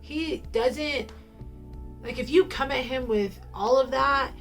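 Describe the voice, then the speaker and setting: A woman's voice: high-pitched, slow, soft background music. Chatty young woman sharing faith story. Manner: playful slang-filled storytelling with frequent ums. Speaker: faith vlogger. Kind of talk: casual personal testimony to camera.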